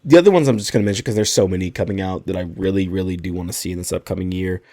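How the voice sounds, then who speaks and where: A man's voice: low-pitched, very fast, mellow, no echo, studio quality. A man co-hosting a movie podcast, explaining things in a casual, enthusiastic way. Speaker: podcast co-host. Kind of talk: casual chat.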